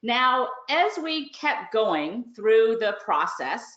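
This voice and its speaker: A woman's voice: fairly high pitch, very animated, takes it slowly, a bit bright. A woman casually telling a story on a webinar, chatty and laughing, acting out the phone calls she got. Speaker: course reviewer and online business host. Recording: roomy, dull lo-fi webinar audio.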